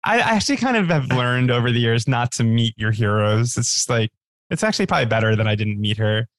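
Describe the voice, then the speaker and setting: A man's voice: mid-range voice, expressive, fast, no room sound. Chatty man telling food stories, dry close sound. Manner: chatty storyteller, many likes and restarts. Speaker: podcast guest. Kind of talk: casual chat.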